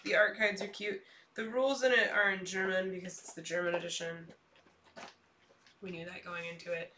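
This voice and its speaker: A young woman streaming herself unpacking board games in casual chat, excitable and prone to trailing off mid-sentence. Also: lowish voice, moderate pace, far from the mic, slight background noise.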